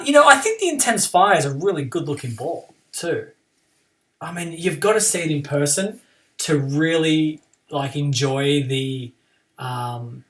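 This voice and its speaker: A man's voice: on the high side, far from the mic. A man streaming a game live and chatting casually about his play, with playful trash talk toward his opponent.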